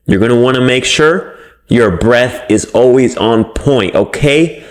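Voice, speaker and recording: A young man hosts a self-improvement talk in a blunt, coaching way. His voice sits at an ordinary middle pitch, and he swears freely as he pushes his listeners. His delivery is casual and animated throughout. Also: a little slow. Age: young adult. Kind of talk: casual motivational monologue.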